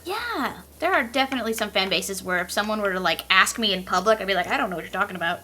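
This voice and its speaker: Bright-voiced woman, supportive co-streamer. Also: mid-range voice, animated, a little hiss or hum. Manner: supportive, quick agreeing interjections. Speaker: guest streamer. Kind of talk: casual stream chat.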